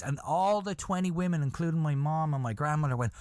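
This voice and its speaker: A middle-aged Irish man hosting a podcast, telling a comic story with animated, swearing exasperation. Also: a little high, a little fast, hardly any pauses, no room sound.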